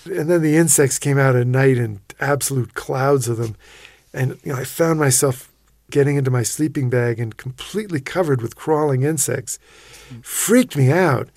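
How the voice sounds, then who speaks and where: A man telling vivid stories as a guest in a radio interview, animated, with frequent restarts. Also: mid-range voice, moderate pace, no room sound, clean studio sound. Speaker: interview guest, expedition writer.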